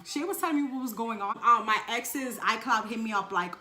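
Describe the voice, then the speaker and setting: A young woman, telling a story on her vlog in a slangy, profane, animated way. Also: a little high, a little fast, soft background music. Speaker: vlogger. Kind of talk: casual story time.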